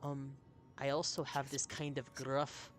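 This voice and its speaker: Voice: mid-range voice, flat delivery, a little slow, soft background music. A streamer giving cheerful live commentary while playing a game and reading chat messages aloud. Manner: chatty, upbeat, reads chat aloud.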